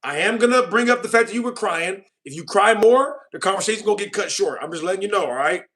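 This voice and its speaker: Young male livestream host; high, bright voice; mocking, ranty casual chat. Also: animated, quick pace.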